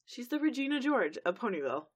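A woman co-hosting a podcast in casual chat, talking quickly and saying "like" a lot. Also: fairly high pitch, big pitch swings, breathy edge. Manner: quick, chatty, lots of "like"s, laughs easily. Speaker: podcast co-host.

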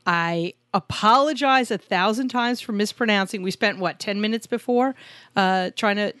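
Recorded in an Arizona home studio with clean sound and no room echo, this woman co-hosts a podcast on couples in business. Her mid-range voice moves at normal speed with a fairly bright tone. In casual podcast chat, she's talkative and pokes fun at herself while joking through guest introductions.

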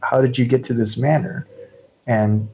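A man's voice: medium pitch, flat delivery, moderate pace, mellow, slight background noise, close to an everyday voice, rough recording. A man voicing an earnest young noblewoman who asks flustered, eager questions. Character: earnest young noblewoman Shauna, determined to help.

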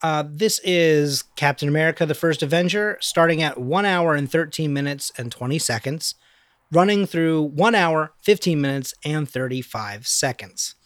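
A man casually recapping a film scene, playfully reading out the dialogue in quick voices. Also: a little high, animated, no echo, studio quality.

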